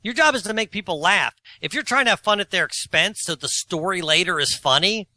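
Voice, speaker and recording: Bright, lively-voiced man in his forties. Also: sits high, brisk, no room sound. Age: 40s. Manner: rambling storyteller, self-mocking, laughs at himself; opinionated and argumentative. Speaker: co-host. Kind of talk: casual podcast chat.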